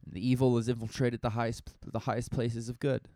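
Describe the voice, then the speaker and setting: A man's voice: mid-range voice, level tone, fairly quick, warm tone, no echo, clean studio sound. A young man, a comedian, rambling through a profane, casual podcast monologue full of fillers.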